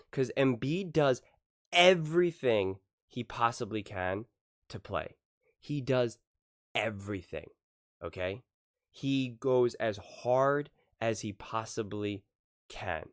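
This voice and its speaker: A man hosting a sports talk show, reacting to clips in a heated, animated rant that keeps repeating itself and climbs high when he gets indignant. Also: no room sound, studio quality. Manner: heated, talks fast, repeats himself, rises to shouting pitch when indignant.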